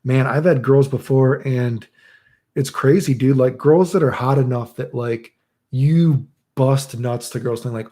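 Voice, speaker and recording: A man's voice: mid-range voice, unhurried, dark tone. A young man chatting casually as a streamer answering chat, crude and rambling, swearing a lot.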